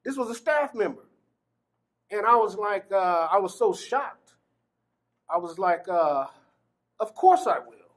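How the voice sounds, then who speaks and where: A man's voice: high-pitched, lively intonation, unhurried, pauses often. A middle-aged man from Gary, Indiana, telling his personal story earnestly, often breaking into laughter as he recalls it. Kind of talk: personal testimony.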